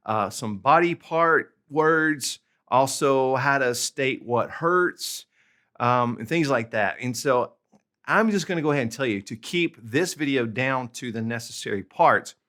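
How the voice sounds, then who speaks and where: A man's voice: mid-range voice, animated, unhurried, fairly bright tone. A man teaching a language lesson on video, patient and explanatory, often checking in with "okay?" and "all right?". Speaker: language tutor.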